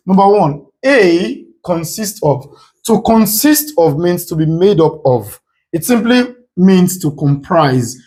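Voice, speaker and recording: A man from Nigeria teaching an exam-prep English grammar lesson. He repeats each rule several times and slows down to stress the quoted options. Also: a little high, darkish tone.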